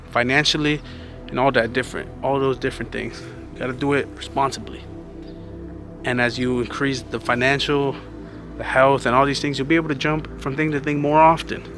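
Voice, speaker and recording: Man, earnest vlog advice, gravelly voice, mid pitch, a bit out of breath, music underneath. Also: little pitch movement, moderate pace, fairly bright tone. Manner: earnest, conversational, says "man" often. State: slightly out of breath. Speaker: vlogger. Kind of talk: casual motivational talk.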